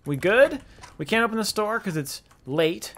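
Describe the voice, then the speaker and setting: A man's voice: sits high, very animated, moderate pace, a bit bright. A man giving casual let's-play commentary, chatty and self-mocking, talking to the game's characters. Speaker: gaming YouTuber.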